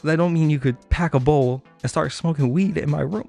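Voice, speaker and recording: A man's voice: fairly high pitch, brisk, gravelly, dark tone, soft background music. A young man telling a long, profane story to his chat. He rambles and piles up filler words, and he laughs at his own story.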